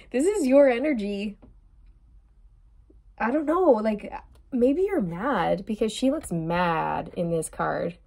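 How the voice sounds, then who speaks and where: A woman's voice: medium pitch, lively intonation, slow pace, gravelly, long pauses, a little mellow, husky. A young adult woman giving a chatty tarot reading straight to her viewer, laughing often and calling her girl. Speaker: tarot reader.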